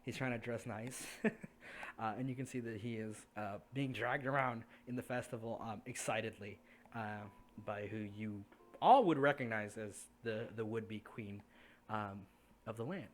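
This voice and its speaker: A man's voice: fairly low pitch, normal speed, a little hiss or hum. A man narrating as game master in a casual, filler-heavy way, laughing at his own slips. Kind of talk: narrating a tabletop game over voice chat.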